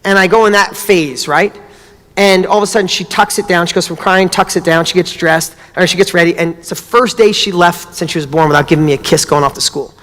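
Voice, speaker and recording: A middle-aged man giving a motivational talk, telling a family story with lively acted-out dialogue. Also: sits high, brisk, in a large hall. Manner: animated storytelling, acts out dialogue. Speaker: speaker.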